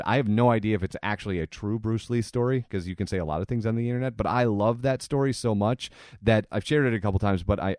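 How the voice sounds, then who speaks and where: Low-voiced man hosting a podcast. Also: a little mellow, no room sound, clean studio sound. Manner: conversational storytelling with fillers. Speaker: podcast host. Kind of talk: casual solo podcast monologue.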